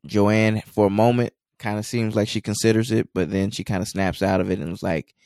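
A man's voice: lowish voice, steady tone, a little fast, darkish tone, no echo, clean studio sound. A man co-hosting a podcast, casually recapping an episode with a rambling delivery full of filler words. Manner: rambling, many "you know" fillers. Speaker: podcast co-host.

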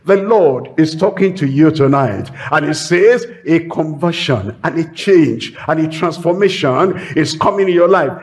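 Slow, emphatic male preacher. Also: fairly high pitch, expressive. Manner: emphatic preaching with repeated rhetorical refrains. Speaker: pastor. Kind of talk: sermon.

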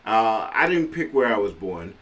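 A man from Trinidad hosting a podcast, talking in an animated, conversational way and often laughing. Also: lowish voice, moderate pace. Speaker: podcast host. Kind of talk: casual solo commentary. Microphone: podcast microphone.

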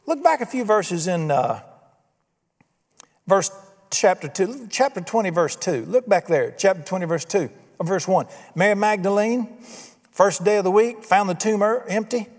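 A man delivers a sermon from the pulpit, his voice sitting high for a man. He talks in a folksy way, throwing out rhetorical questions. The sound carries a long reverb from the church hall. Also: lively intonation, moderate pace. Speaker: pastor.

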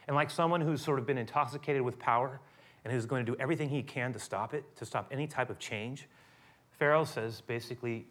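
Bright-voiced male preacher, animated. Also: medium pitch. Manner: animated storytelling, acting out scripture. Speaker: pastor. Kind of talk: sermon.

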